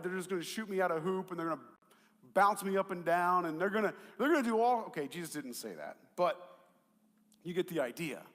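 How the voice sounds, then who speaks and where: A male pastor delivering a lively, conversational sermon with a fairly high voice, climbing to loud emphatic peaks and dropping to quiet asides. He tosses in jokes and rhetorical questions. His voice rings out with the long reverb of a church hall. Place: church auditorium.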